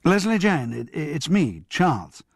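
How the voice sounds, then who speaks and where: A man voicing an excitable older grandfather, playful and then stammering with urgency. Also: fairly high pitch, unhurried, no echo, studio quality, pitched above the performer's own voice, full character voice. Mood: urgent.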